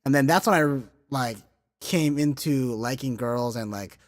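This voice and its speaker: In a large hall, a thirtysomething podcast host speaks slowly in a mid-range voice, chatting casually and telling profane stories. Animated and laughing, he fills his speech with filler words.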